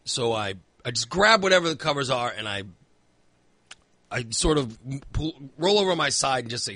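A man's voice: mid-range voice, very animated, normal speed, bright, forceful tone, no echo. A man rambling through a long personal story in casual chat, swearing freely and filling in with lots of asides.

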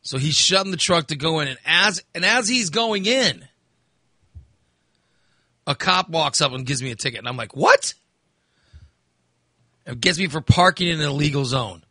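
Animated storytelling man, bright voice. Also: on the high side, normal speed, dry recording, studio quality. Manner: animated storyteller, acts out voices, swears freely. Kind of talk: casual storytelling chat.

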